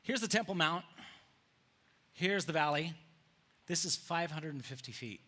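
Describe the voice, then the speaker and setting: A pastor with a bright, forceful voice, sitting a little above the usual male range. He preaches in a lively, casual storytelling style, jumping into the characters' voices and dropping modern slang as he goes. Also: on the high side, a little slow. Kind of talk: sermon. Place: church sanctuary with slides.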